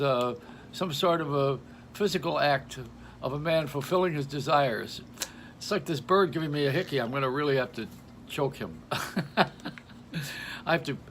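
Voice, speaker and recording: A man's voice: a little high, fairly bright tone, slight background noise. Older man rambling comic monologue. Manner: joking, stream-of-consciousness, frequent laughs. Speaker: radio host. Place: home in Florida.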